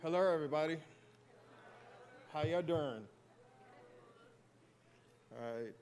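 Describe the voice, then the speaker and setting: A man's voice: a little high, takes it slowly, a little mellow. An older man on a school's staff presenting graduation awards, jovial and joking with the crowd.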